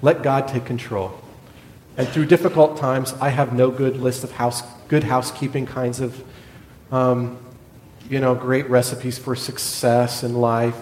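A middle-aged man preaching a sermon, telling a hospital story in a lively way and acting out the other people's lines. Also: measured pace. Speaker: pastor, former hospital chaplain. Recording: echoey hall with a faint rumble.

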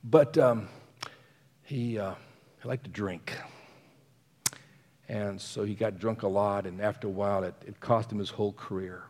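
A man preaching a sermon in a slightly low voice, his words carried on a long hall reverb. He talks earnestly, often letting phrase endings sink to a near whisper and chuckling softly between points. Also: measured pace, pauses often.

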